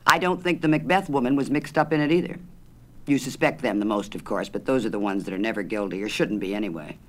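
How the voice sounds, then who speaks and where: A man's voice: lowish voice, quick pace, close to an everyday voice. A man reading a story aloud and voicing a chatty, opinionated American woman who loves mystery novels, insistent and eager. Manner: insistent, eager, know-it-all.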